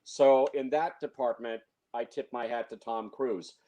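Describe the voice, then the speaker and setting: A man's voice: mid-range voice, fairly even intonation, measured pace, warm tone, muffled recording. A man reviewing films in casual chat, opinionated, stumbling over restarts and fillers. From San Francisco Bay Area. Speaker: film reviewer.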